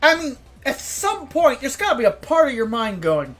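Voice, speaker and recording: A woman's voice: high-pitched, sing-song, normal speed, soft background music. A woman streamer chatting casually, ranting and swearing with frequent laughter.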